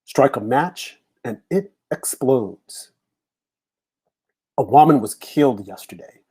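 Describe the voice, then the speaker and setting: A man with a husky voice opens his talk show with an impassioned political monologue. His pitch sits in an ordinary middle range, and he keeps firing rhetorical questions as he builds his case. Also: animated, slow pace, dark tone. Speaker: host.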